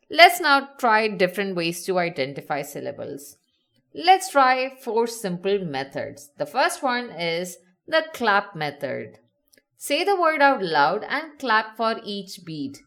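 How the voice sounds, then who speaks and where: Female teacher, scripted lesson read; slow delivery, animated intonation, enunciates each example word. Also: mid-range voice. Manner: slow, clearly enunciated, sounding out example words.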